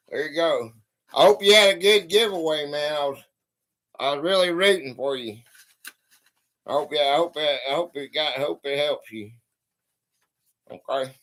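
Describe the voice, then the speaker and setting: A man's voice: a little high, sharp tone. A man hosting a casual live stream, chatting with viewers by name and reading out fortunes to them. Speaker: livestream host. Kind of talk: casual livestream chat.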